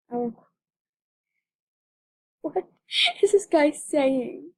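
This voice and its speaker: A woman's voice: high-pitched, expressive, moderate pace, long pauses. A young woman hosting her gaming channel, chatting casually and dramatically over gameplay, repeating phrases.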